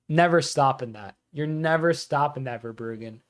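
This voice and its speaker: A man streaming live football watch-along commentary, reacting excitedly as a fan and chatting with viewers. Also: a little high, moderate pace, hardly any pauses.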